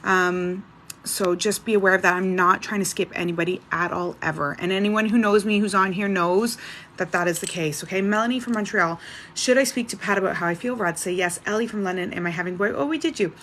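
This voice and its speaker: A woman hosting a live-stream psychic reading, briskly reading out viewers' names and questions in a chatty, casual way. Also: medium pitch, fairly bright tone, slight background noise. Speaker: psychic livestream host.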